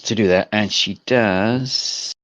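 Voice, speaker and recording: A man's voice: on the low side, slow pace, a bit bright, dry recording, lo-fi sound. A man narrating as game master over online voice chat, describing scenes in a rambling, hesitant way.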